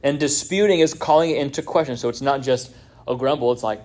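Conversational American pastor preaching. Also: male voice, mid-range voice, brisk, darkish tone. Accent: American Midwest. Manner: conversational, asks "right?" often. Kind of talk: sermon.

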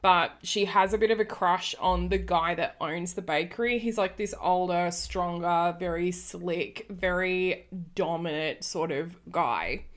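A woman's voice: on the low side, measured pace, few pauses. A woman in her early thirties chatting casually on a podcast, telling a rambling story full of restarts. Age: early 30s. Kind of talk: casual chat.

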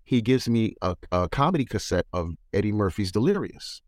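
A lower-voiced man, recounting his start in entertainment in a relaxed interview. He talks animatedly and slips into impressions of people in his stories. The recording is dry and close. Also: a little fast, dry recording. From New York. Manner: animated, mimics voices in anecdotes. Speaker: guest entertainer. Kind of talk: casual interview storytelling.

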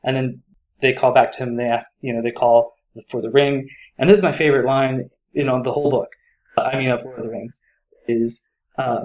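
A man's voice: medium pitch, flat delivery, brisk, darkish tone, dull audio. A man co-hosting a podcast, talking enthusiastically about a book and rambling with many fillers. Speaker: podcast co-host. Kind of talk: casual book discussion.

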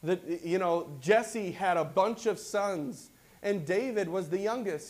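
Male pastor, high-pitched, conversational sermon delivery, reads verses and unpacks them. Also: a little slow. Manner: conversational preaching, reads scripture then explains it; acts out quoted voices with rising excitement.

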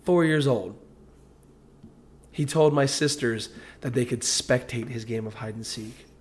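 This is a young man with an American accent, talking casually and swearing freely. He repeats his punchlines for emphasis and keeps an easygoing, conversational tone at a middling pitch. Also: measured pace. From United States. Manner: loose, profane, emphatic storytelling. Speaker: parent, co-host. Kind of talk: casual chat.

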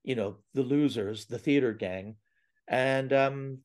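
A comedian born in Scotland and raised in Canada, talking haltingly as an interview guest, with a Canadian accent that has traces of Scottish. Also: male voice, medium pitch, a little mellow. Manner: halting, with restarts and stammers. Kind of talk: casual interview chat.

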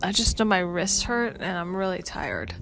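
This is a drained, bewildered young woman in a hospital bed, as a woman reading a story voices her. Her voice is lowish, weak and tired. Music runs clearly under the storybook reading. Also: expressive, normal speed. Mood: confused. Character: worn-out young woman patient, confused.

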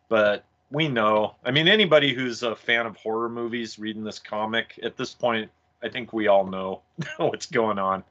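A man's voice: fairly low pitch, steady tone, a little slow, sharp tone. A man co-hosting a casual comics chat, speaking enthusiastically and laughing easily. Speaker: podcast co-host discussing comics. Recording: dull lo-fi mic.

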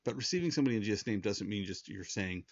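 A man's voice: fairly low pitch, animated, very fast, dry recording, highs cut off. A man preaching a sermon in an earnest, conversational way, often restarting his sentences. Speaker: pastor.

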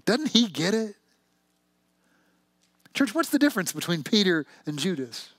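A male pastor delivers a sermon in a lively, conversational style, asking his listeners one question after another. His voice sits a little high for a man. The recording is close and dry. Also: unhurried, slightly rough, no echo. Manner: conversational, animated storytelling with rhetorical questions.

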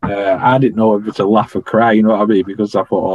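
Low-voiced man telling stories. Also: flat delivery, fast talker, highs cut off, slight background noise. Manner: chatty anecdotal, dialect grammar like "I was stood". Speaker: podcast guest, former royal guardsman. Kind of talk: casual storytelling.

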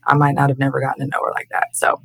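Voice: medium pitch, monotone, rapid-fire, gravelly, fairly bright tone, slightly rough, poor audio. A person hosting a chat over a video call. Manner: conversational, reflective, repeats words. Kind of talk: casual chat.

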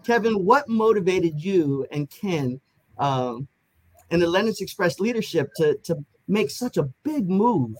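A man's voice: high-pitched, sing-song, measured pace, darkish tone, rough recording. A man hosting an interview, upbeat and chatty, asking guests questions with plenty of fillers. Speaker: interview host.

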